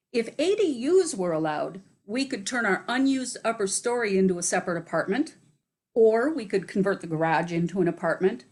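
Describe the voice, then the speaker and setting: A woman from city staff delivers prepared remarks at a community event. She reads in a steady, measured way. Her voice sits in an ordinary middle pitch. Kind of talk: prepared presentation.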